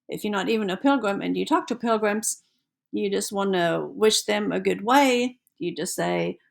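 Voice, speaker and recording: Gravelly-voiced woman teaching a language lesson. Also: medium pitch. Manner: patient, encouraging, repeats phrases for practice.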